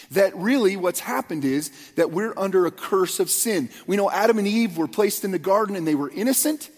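A fairly high-voiced man preaching an earnest, conversational sermon. He talks in loose stretches full of restarts and fillers. His voice rings out with a long reverb tail, like a church auditorium. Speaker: pastor.

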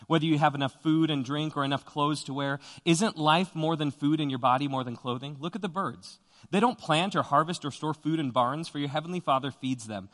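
A man's voice: on the high side, a bit bright. A young man preaching a sermon in an earnest, conversational way, often repeating himself. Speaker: pastor. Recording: long hall reverb.

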